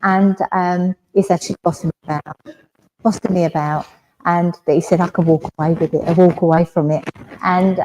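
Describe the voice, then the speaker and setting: A woman with an English accent speaks as a medium, addressing her listeners directly in a soft, reassuring way. Her voice sits somewhat low for a woman and has a warm, mellow tone, and she keeps asking "all right?" as she goes. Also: lo-fi sound, slight background noise. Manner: gentle, reassuring, often asks "all right?". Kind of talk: mediumship demonstration. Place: village hall.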